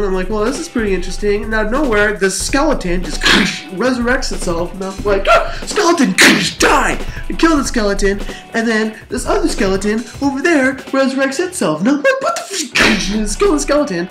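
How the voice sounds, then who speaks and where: A man telling rambling gaming stories in a vlog, animated and laughing, his voice jumping up high in the exciting parts, tired. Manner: animated, laughing storytelling with big pitch swings. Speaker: vlogger.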